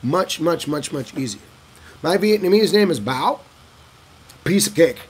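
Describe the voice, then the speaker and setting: A middle-aged man giving casual advice in a Q&A monologue, animated and swearing, acting out conversations. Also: a little slow, breathy edge. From United States. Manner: animated, swearing, acting out dialogues with lively shifts in pitch and pace. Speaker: vlogger giving advice on living in Vietnam.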